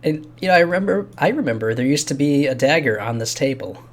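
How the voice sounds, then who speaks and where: A man's voice: fairly high pitch, animated, fast talker. A man in his thirties casually chatting while playing through a game quest, rambling and chuckling with many fillers. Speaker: game host recording a quest playthrough. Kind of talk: casual gaming chat.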